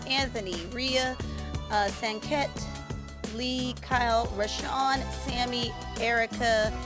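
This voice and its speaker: A woman co-hosting a pop culture podcast in casual chat, teasing and laughing often. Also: on the high side. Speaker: podcast co-host.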